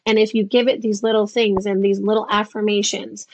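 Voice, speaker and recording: A woman in her fifties chatting as a guest in an interview, animated and acting out the voices she quotes. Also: medium pitch, brisk. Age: 50s. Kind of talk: casual interview chat.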